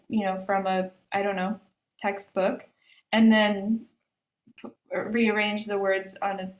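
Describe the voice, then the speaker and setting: A woman artist answering questions over a video call, talking casually and hesitantly with many fillers and restarts. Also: mid-range voice. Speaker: artist discussing her exhibition. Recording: roomy echo on a video call.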